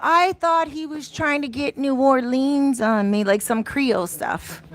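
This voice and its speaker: A woman's voice: sits high, measured pace, no room sound. A woman with an American accent, hosting a live stream in a playful, laughing manner, reading chat comments aloud.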